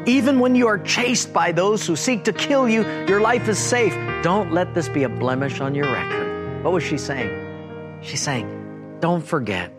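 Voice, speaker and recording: A middle-aged man preaching a sermon, telling a personal story with lively acted-out dialogue. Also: unhurried, over loud music. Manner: animated storytelling, acting out quoted voices with big pitch jumps. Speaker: pastor.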